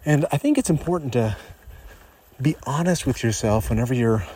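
A young man, a life coach, recording a reflective vlog outdoors on a hiking trail, thinking aloud with pauses and restarts. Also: medium pitch, animated, warm tone, slight background noise.

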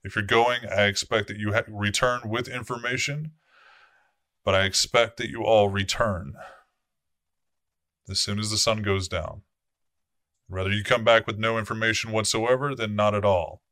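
A man's voice: on the low side, fairly even intonation, moderate pace, long pauses, pushed and bright, no room sound, studio quality. A man voicing a male vampire prince who gives formal, authoritative orders with blunt swearing in a tabletop game. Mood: commanding.

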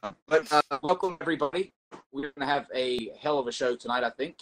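A man's voice: medium pitch, fast talker, fairly bright tone, rough recording. A man hosting a casual chat show, joking around and rambling with lots of fillers. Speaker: host.

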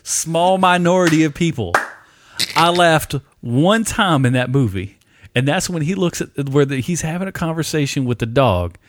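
A man hosting a podcast, trading quick, profane, joking banter in casual chat. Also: on the high side, animated, slight background noise. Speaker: podcast host.

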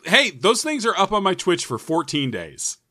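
A man co-hosting a podcast, his bright, sharp voice swinging widely in pitch. He banters casually, swearing freely and hamming up a mock-angry tone. The sound is close and dry. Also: wildly swooping pitch, normal speed, no room sound. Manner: profane, mock-angry joking. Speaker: podcast co-host.

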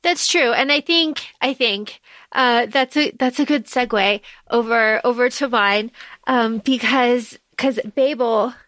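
A woman co-hosting a podcast in casual chat, speaking in a thoughtful, halting way with pauses. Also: on the high side, a bit bright, no echo. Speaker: podcast co-host.

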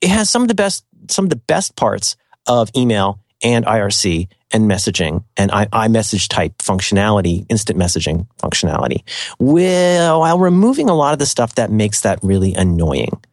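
A man's voice: fairly low pitch, sing-song, normal speed, dry recording. Chatty guy hosting a podcast, voice jumps all over, dry close mic, keeps laughing at himself. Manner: rambling, self-deprecating, laughs often. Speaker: podcast host. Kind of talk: casual podcast chat with sponsor read.

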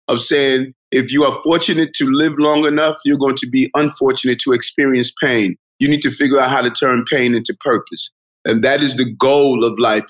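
A man's voice: mid-range voice, a bit bright, low-quality recording. A middle-aged man speaks as a podcast guest. His delivery is earnest and motivational as he talks through life lessons. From Brooklyn, New York. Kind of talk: podcast interview, storytelling.

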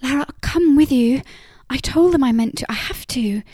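A woman in a whispered role-play, voicing an earnest, anxious young woman who speaks in a rushed, pleading way. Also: high-pitched, warm tone, dry recording, studio quality, pitched above the performer's own voice.

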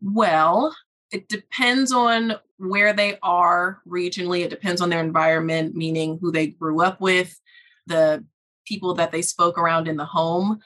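A woman speech-language pathologist answering questions in a podcast interview, explaining in a measured, deliberate way. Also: on the low side, steady tone, a bit bright.

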